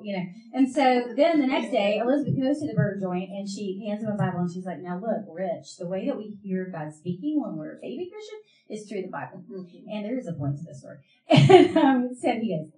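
Animated woman pastor telling a story. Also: medium pitch, fairly quick, echoey room, low-quality recording. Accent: Southern American. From American South. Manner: animated, laughing storyteller acting out quoted voices. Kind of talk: sermon storytelling.

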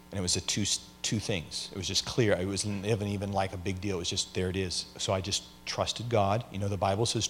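Deep-voiced pastor telling a story. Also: male voice, slight background noise. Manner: storytelling, conversational, acts out quoted voices. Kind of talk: teaching session with audience questions.

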